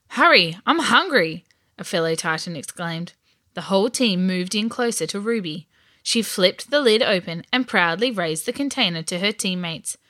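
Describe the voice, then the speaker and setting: A woman narrating a children's storybook in a lively, expressive way. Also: on the low side, no room sound, studio quality.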